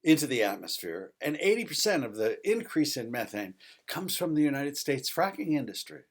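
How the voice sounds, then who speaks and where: A man's voice: mid-range voice, big pitch swings, brisk. A man, an author and professor, presenting a video essay and emphatically listing points with a repeated refrain.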